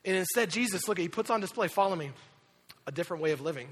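A man preaching a sermon, telling a personal story with lively asides and quick impressions of the people in it. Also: sits high. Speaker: pastor. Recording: reverberant hall.

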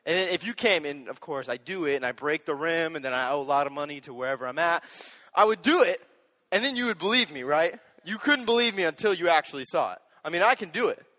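A young man preaching a sermon as a youth pastor, animated and joking, speaking straight to the audience. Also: on the high side, quick pace, big-room sound.

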